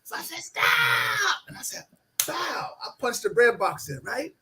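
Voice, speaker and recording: A man's voice: very high-pitched, normal speed, shouting, a little hiss or hum. A middle-aged man telling a childhood story in casual chat, laughing often and acting out the voices of the people in it. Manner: animated, laughing, acts out voices in his story.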